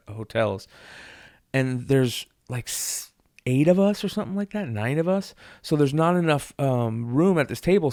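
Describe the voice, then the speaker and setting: A man's voice: mid-range voice, gravelly, a little mellow, dry recording, clean studio sound. A man co-hosting a podcast, telling a rambling story with a lot of swearing and acting out the people he quotes. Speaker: podcast co-host. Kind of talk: casual chat.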